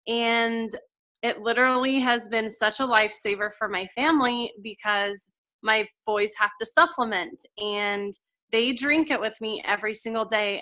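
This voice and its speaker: A woman in her thirties with a slightly high voice and a sharp tone, appearing as a guest coach. She tells her personal story in a chatty, emotional, heartfelt way, full of filler words, like a casual testimonial.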